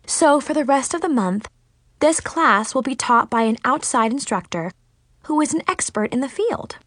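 A woman's voice: high voice, expressive, moderate pace, dry recording, studio quality. A stern scolding schoolteacher, as a woman reads her. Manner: firm, scolding.

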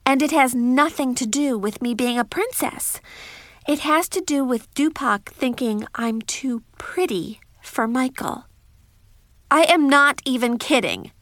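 A woman's voice: sits high, a little slow, a bit bright, dry recording. A woman narrating a first-person story in a chatty, wry diary style.

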